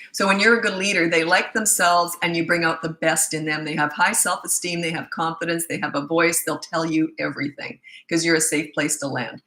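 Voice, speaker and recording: A middle-aged woman who works as a parenting coach answers questions with casual advice, in a fairly low voice on a rough recording. She's animated, acting out the voices of herself and her kids as she quotes them.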